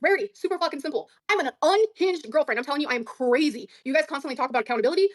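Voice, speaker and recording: A woman telling a story on a streamed show, rapid, profane and defensive. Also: sits high, expressive, dry recording. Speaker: guest on a stream. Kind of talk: casual storytelling in a stream clip.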